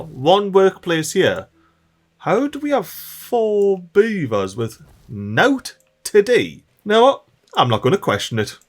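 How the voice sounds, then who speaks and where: A young man commentating a strategy game, animated and frantic, often shouting at his in-game workers. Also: sits high. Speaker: gameplay commentator. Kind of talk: let's play commentary.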